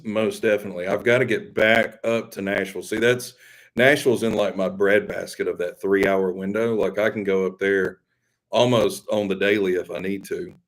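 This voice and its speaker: Low-voiced folksy Southern man chatting. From Mississippi. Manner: rambling, folksy, self-deprecating. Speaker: live stream host. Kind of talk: casual chat with viewers.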